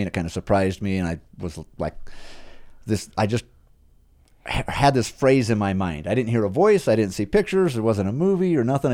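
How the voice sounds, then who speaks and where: Low-voiced man telling a story animatedly. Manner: animated, acts out his own past thoughts. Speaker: podcast guest, horse trainer. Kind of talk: casual storytelling.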